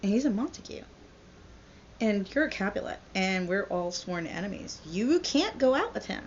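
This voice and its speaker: A woman's voice: mid-range voice, sing-song, normal speed, a little hiss or hum, natural voice. A woman voicing a stern mother who firmly forbids her daughter, in a dull lo-fi recording. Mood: scolding. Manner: scolding and firm.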